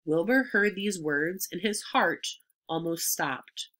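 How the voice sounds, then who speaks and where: A woman reading a children's storybook chapter aloud, expressive and clear. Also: lowish voice, slow. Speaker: reader.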